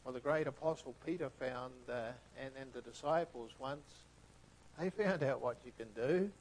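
A man preaching a sermon with emphatic delivery that swings between hushed, soft phrases and loud, stressed ones. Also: mid-range voice, moderate pace, a little hiss or hum, rough recording.

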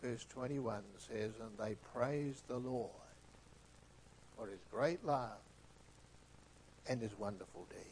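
Slow, emphatic male preacher. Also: medium pitch, a little hiss or hum, rough recording. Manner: slow, emphatic delivery that swings between hushed and loud. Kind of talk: sermon.

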